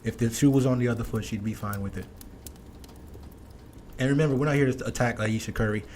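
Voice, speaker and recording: A man's voice: medium pitch, quick pace, darkish tone, a little hiss or hum. A man hosting a reaction commentary, blunt, emphatic and opinionated. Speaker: commentary host.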